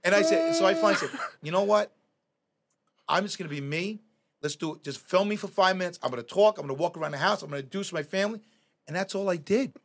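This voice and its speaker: A middle-aged man, a podcast guest telling animated stories, swearing freely and acting out quoted lines. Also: high-pitched, fast talker. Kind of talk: casual storytelling.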